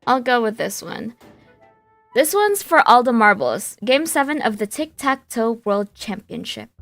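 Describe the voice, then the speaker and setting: A playful woman streamer with a fairly high voice, reading a game's text aloud and rambling between lines. Her voice is dry and close to the mic. Faint music plays underneath. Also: big pitch swings, unhurried, fairly bright tone, dry recording. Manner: playful, rambling with fillers and restarts.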